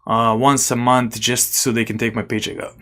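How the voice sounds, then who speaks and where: A young man from Serbia with a Serbian accent, casually telling stories as a podcast guest, animated and swearing now and then. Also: mid-range voice, moderate pace. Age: young adult. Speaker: podcast guest, former college basketball player. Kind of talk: casual storytelling interview.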